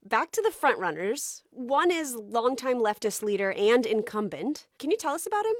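A woman's voice: on the high side, sing-song, normal speed, no echo. A woman news host poses questions to a correspondent in a conversational way. Her voice sounds dry and close, as in a studio. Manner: conversational prompting.

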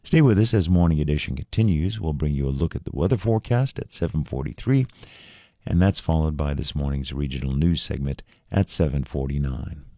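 Very deep gravelly male radio announcer. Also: no room sound, studio quality. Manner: steady, measured reading. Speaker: local public radio announcer. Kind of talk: read river report and sponsor credits.

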